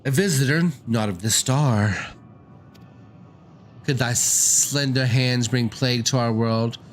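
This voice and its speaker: A man's voice: medium pitch, takes it slowly, a little hiss or hum, lightly acted. A man voicing an ancient, brooding, fatalistic dragon, reading game dialogue aloud in solemn, archaic speech. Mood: mournful.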